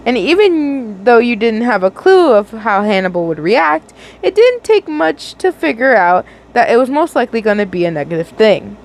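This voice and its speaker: A woman's voice: on the high side, sing-song, normal speed, low-quality recording. Giggly young woman reading fanfic. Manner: giggly, stumbles and corrects herself. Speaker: fanfiction reader.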